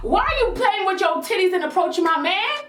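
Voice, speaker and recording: A young woman vlogger telling a storytime in a casual, sassy, animated way, acting out what people said. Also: brisk, echoey room, recorded from a distance, soft background music. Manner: animated, sassy, acts out quotes in high exclaiming bursts. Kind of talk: storytime vlog, casual chat.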